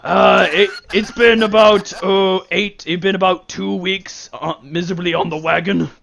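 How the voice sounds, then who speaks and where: A man's voice: high-pitched, fairly even intonation, moderate pace, creaky, fairly bright tone. A man voicing a grumbling middle-aged man who has reluctantly gone sober. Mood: sheepish. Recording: dull lo-fi voice chat.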